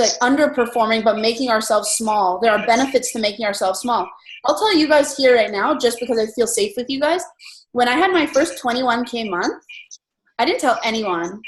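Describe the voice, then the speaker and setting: A woman hosting an entrepreneur meetup, talking in a chatty, animated way with lots of fillers. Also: a little high, roomy sound, rough recording. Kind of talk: casual group chat.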